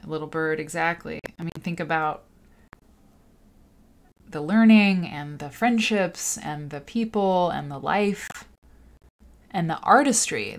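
A woman in her thirties hosting a casual livestreamed quilting show, emotional and talking to her viewers directly. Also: low voice. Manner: emotional, talks to viewers and reads comments aloud. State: tearful at times.

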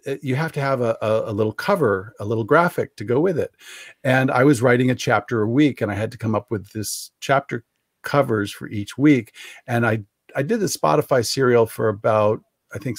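A man's voice: mid-range voice, no room sound, clean studio sound. A man, an author, chatting on a video call, telling stories in a rambling, self-correcting way. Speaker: author guest. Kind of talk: casual video call interview.

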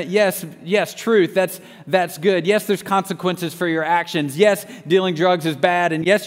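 Male pastor, high voice, earnest storyteller with frequent restarts, long hall reverb. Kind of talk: sermon.

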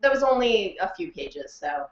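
A woman talking casually in an interview, chatty and animated, laughing often and full of fillers. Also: medium pitch, normal speed. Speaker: interview guest, audiobook narrator and actress. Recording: roomy, dull lo-fi sound.

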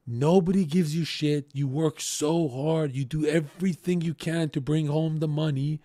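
A man's voice: fairly high pitch, fairly even intonation, normal speed, mellow, no echo, studio quality. A young man ranting on a livestream, crude and profane, with heavy emphasis. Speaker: streamer.

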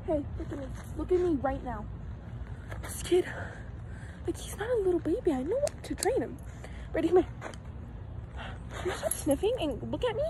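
A woman's voice: very high-pitched, very animated, moderate pace, long pauses. A young woman vlogging at a park while training her dog, talking casually and giving firm commands, recorded on a handheld phone. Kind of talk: casual vlog talk. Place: outdoors at a park. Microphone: phone held in hand. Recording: noisy outdoor phone recording.

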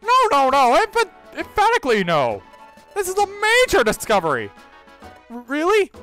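A fussy, excitable bird boss, as a player puts him on, shrill and emphatic, swooping up and down in pitch. Background music plays faintly under the voice in this fan-dubbed game playthrough. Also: normal speed. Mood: excited.

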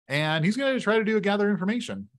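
A man's voice: high-pitched, very animated, fast talker. A man narrating a solo tabletop game in a casual, conversational way. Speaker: game master playing solo.

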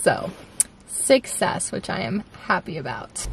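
A young woman chatting casually to her viewers at home as a lifestyle vlogger, relaxed and full of "like" fillers. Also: mid-range voice, normal speed. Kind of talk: casual chat. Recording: steady background noise.

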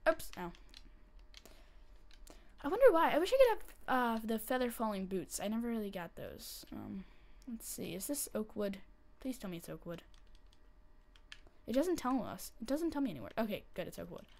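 A woman giving casual commentary while she plays a game, chatty and excitable, breaking into panicky squeals and repeated pleas when things go wrong. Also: fairly high pitch, normal speed, creaky, pauses often. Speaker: gameplay commentator.

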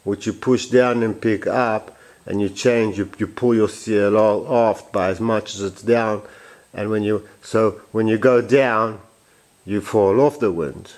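A man's voice: lowish voice, steady tone, unhurried, darkish tone. A man who builds boats, explaining his boat in a casual vlog and rambling with restarts and repeated phrases, recorded in his workshop. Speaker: boatbuilder.

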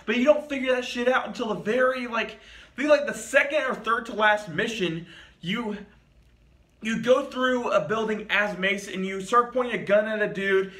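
A man's voice: high-pitched, normal speed, bright, forceful tone, reverberant. A man giving a casual, rambling, profane video review of a game as host of his channel.

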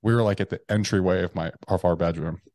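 A man's voice: low-pitched, fairly even intonation, fast talker, a little mellow, no room sound. A man, an army veteran, telling a personal story in an interview, talking casually with lots of swearing and "like". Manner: casual and profane, heavy use of "like" and "bro".

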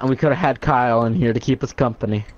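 A man's voice: medium pitch, quick pace, dull audio, crowd noise. A young man chatting casually while playing a multiplayer game, jokey, teasing and swearing often. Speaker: gamer.

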